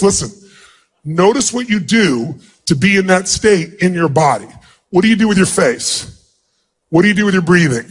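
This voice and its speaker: A man leading a live motivational seminar in a large hall, energetically calling out instructions to thousands of people. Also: sits high. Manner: commanding, energetic, calling out to the crowd. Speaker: seminar speaker leading an audience exercise.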